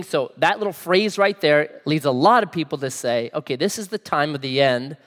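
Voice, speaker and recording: This male pastor speaks on the high side with a slightly bright tone, and a long reverb tail trails his words. He preaches casually, often turning questions toward the audience.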